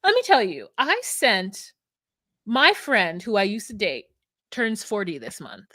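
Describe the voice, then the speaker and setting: A young adult woman co-hosting a casual recap podcast, talking in an animated way and acting out quotes. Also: medium pitch, measured pace, no echo, clean studio sound. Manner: animated, acts out quotes from the show. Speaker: podcast co-host recapping a reality show.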